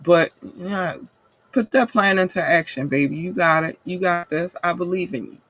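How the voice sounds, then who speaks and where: A man's voice: sits high, normal speed, a bit bright. A man hosting a podcast, delivering a blunt, profanity-laced motivational monologue and calling listeners babe and baby. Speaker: podcast host.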